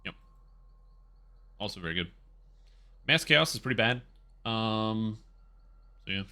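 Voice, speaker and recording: Male streamer, rambling and excitable, with a very bright, forceful tone pitched on the low side. Casual gameplay chatter. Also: slow pace. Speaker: game streamer.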